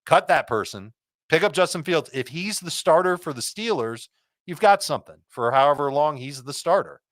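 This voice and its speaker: A man giving quick, confident fantasy football start and sit advice, rattling off picks one after another. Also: on the high side, animated, fairly bright tone, dry recording.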